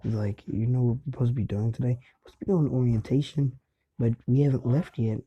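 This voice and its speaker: A man's voice: medium pitch, fairly even intonation, quick pace, husky. A man casually retelling a fan story off the cuff, rambling and hesitant, with lots of fillers and restarts. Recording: dull lo-fi home recording.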